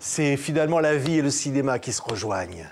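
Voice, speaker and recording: A man hosting a television interview, reading prepared, admiring questions in a measured way. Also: mid-range voice, lively intonation, slight background noise. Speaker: TV interviewer host. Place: television studio.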